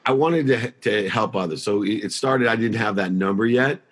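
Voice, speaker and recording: Emphatic middle-aged man, deep-ish voice. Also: normal speed. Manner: emphatic, acts out past dialogue in a raised voice. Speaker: interview guest. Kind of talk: personal storytelling in an interview.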